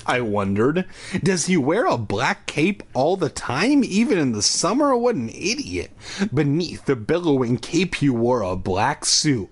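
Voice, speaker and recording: A man's voice: on the high side, very animated, a little slow, husky. A man reading a children's horror book aloud for laughs, drinking as he goes and breaking off for profane, mocking asides. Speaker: reader. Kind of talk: comedic read-aloud of a kids' horror book.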